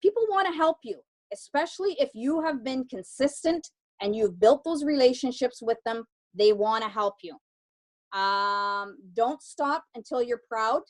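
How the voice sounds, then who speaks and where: A woman's voice: a little high, animated, measured pace, low-quality recording. Emphatic woman giving a pep talk. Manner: emphatic, repeats advice with "okay?". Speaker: team member sharing a success story.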